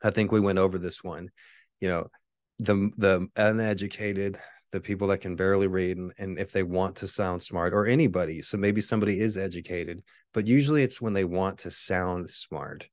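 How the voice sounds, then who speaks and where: A podcast host and author delivers a casual, rambling monologue on his own show, profane and full of restarts. His low, steady, slightly mellow voice keeps a moderate pace, recorded in a clean studio with no echo.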